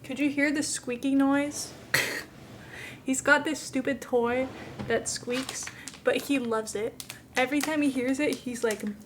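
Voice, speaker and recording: Against a noisy background, a young adult woman with a high-pitched voice streams a game from home. Her live-stream chat is rambling and casual, broken now and then by soft cooing at her cat.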